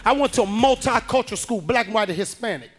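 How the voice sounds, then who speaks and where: A man performing a stand-up comedy routine on a club stage, telling a story loudly and acting out the people in it. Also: sits high, quick pace, soft background music. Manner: loud animated storytelling, acting out the people he quotes.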